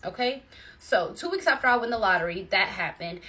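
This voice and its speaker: A young adult woman telling a personal story to viewers in a chatty, animated way. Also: medium pitch, fairly quick. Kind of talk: casual storytime chat. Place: bedroom.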